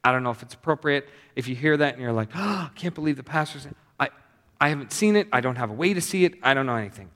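Man preaching in a reverberant hall. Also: a little high. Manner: conversational, animated preaching with repetitions. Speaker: pastor. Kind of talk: sermon.

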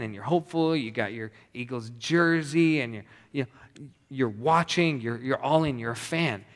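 A male pastor preaching a sermon in a conversational, animated way, repeating his phrases. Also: mid-range voice. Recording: long hall reverb.

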